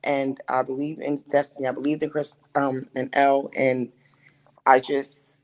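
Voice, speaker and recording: A middle-aged woman is interviewed about founding her management company. She tells the story in an emotional, animated way, acting out other people's lines as she goes. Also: very deep voice, moderate pace, low-quality recording. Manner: emotional, animated, acts out quotes.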